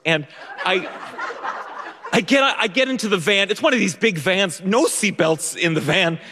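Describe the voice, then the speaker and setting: A man's voice: high-pitched, pushed and bright. A young man telling a personal story on stage, nervous and self-mocking, with many restarts and laughs. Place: stage before an audience. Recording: long stage reverb.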